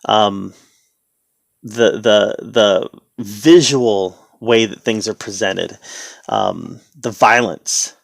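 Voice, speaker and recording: Low gravelly guy chatting through a review, laid back, dry close mic. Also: extremely slow, dry recording. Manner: relaxed and conversational, with occasional sarcastic asides. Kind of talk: casual spoken review.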